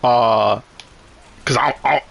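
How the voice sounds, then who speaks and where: A man streaming live who tells a story in a loose, rambling way, full of swearing and restarts. His voice is bright and forceful. He sits at a middle pitch. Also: slow, creaky, lo-fi sound. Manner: animated, profane, rambling with restarts.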